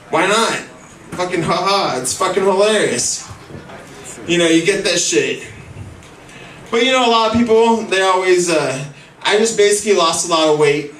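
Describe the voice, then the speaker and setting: A man's voice: sits high, a little fast, a bit bright, a little hiss or hum. Crude, rambling male stand-up comedian. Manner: crude, rambling, heavy profanity, acts out characters' lines. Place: comedy club stage. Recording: roomy echo, mic heard from a distance.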